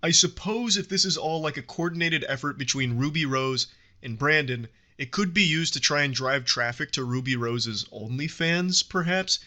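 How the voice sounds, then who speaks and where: A man's voice: a little high, moderate pace, bright, forceful tone. A man narrating a commentary video in a dramatic, wry, hyperbolic manner. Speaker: commentary YouTuber.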